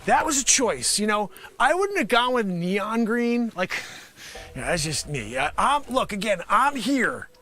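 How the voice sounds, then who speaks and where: A man hosts a live improv comedy show, pitching a made-up product in a wisecracking, animated manner. He's unhurried, and his voice swings between loud and soft.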